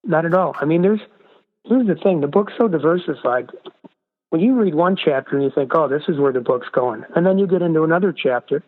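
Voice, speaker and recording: A man's voice: fairly high pitch, animated, a little fast. A man, a guest author, talking earnestly and emphatically in a casual interview. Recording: distant echoey phone line.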